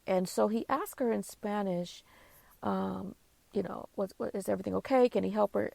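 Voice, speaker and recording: A woman's voice: medium pitch, vocal fry, mellow, dry recording. A woman hosting a faith-based podcast, telling a personal story in an earnest, conversational way with many fillers. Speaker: podcast host.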